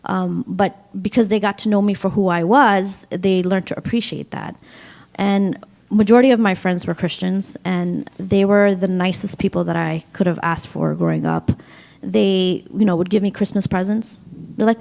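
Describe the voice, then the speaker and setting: A woman's voice: mid-range voice, moderate pace, darkish tone. A woman in her thirties from Afghanistan with a New York accent, speaking as a panelist in a chatty way, with frequent ums and laughs. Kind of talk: panel discussion. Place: synagogue hall.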